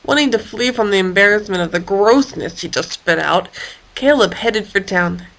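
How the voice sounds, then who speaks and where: A woman reading a children's story aloud in a playful, animated way with sound effects. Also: medium pitch, normal speed, gravelly, rough recording.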